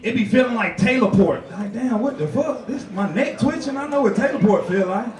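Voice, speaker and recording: High-pitched comic guy, loud and profane, cracking himself up on stage, roomy club sound. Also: a little fast, far from the mic. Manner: loud, animated, profane, keeps breaking into laughter. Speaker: stand-up comedian. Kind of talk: stand-up comedy set. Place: comedy club stage with a live audience. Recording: echoey club recorded from afar, loud crowd.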